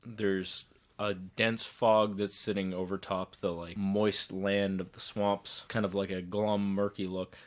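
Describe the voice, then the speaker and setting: A man's voice: deep voice, little pitch movement, unhurried. Laid-back man narrating as game master. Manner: loose, descriptive scene-setting with hedging fillers.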